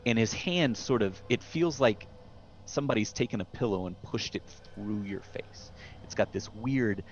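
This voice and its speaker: A man narrating a tabletop horror game as game master, describing scenes in the second person with halting restarts. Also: lowish voice. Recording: dull lo-fi recording with faint hiss.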